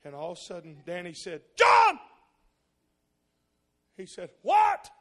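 A man preaching a sermon, telling a story and building into loud, impassioned preaching. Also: a little high, steady tone, fast.

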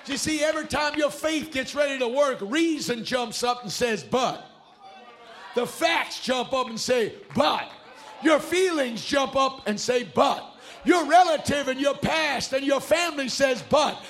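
A man, a pastor preaching a fiery revival sermon in a church, shouting and calling out hallelujah. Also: very high voice, animated, measured pace, some chatter behind, a little hiss or hum. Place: church sanctuary.

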